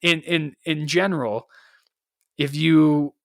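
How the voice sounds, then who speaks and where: A man's voice: a little high, steady tone, slow pace, gravelly, no echo. A man, an Army NCO co-hosting a podcast, tells a story in a loose, profane, casual way, full of fillers and acted-out quotes.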